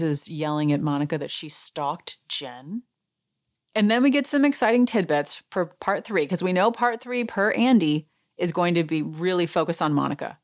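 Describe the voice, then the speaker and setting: A woman hosting a podcast, recapping reality TV in casual chat and acting out quotes with lively jumps in her voice. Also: sits low. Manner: chatty, reenacts quotes with animated voice jumps. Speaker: podcast host.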